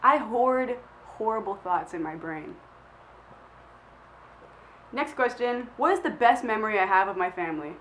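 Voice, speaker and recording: A woman's voice: mid-range voice, lively intonation, brisk, hardly any pauses, a bit bright, slight background noise, poor audio. A young woman who is feeling sick, chatting casually to camera as she answers questions in a rambling, self-deprecating way full of filler words. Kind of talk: casual chat.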